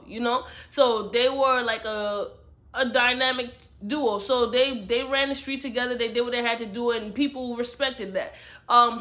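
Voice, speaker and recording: A woman's voice: on the high side, a bit bright. A woman giving a casual, slang-filled book review, retelling the plot with lots of "you know" asides.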